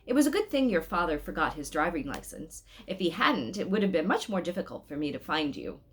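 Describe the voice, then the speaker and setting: A woman voicing a kind old man who sells flowers in a storybook, speaking slowly and gently. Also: lowish voice, very animated. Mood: gentle. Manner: slow, warm, drawn-out speech.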